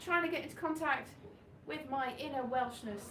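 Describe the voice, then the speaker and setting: A woman from Wales performs live stand-up with slides at a small venue, rambling, chatty, and self-mocking. Her high, fairly bright voice moves at a moderate pace in an echoey live room with slight background noise.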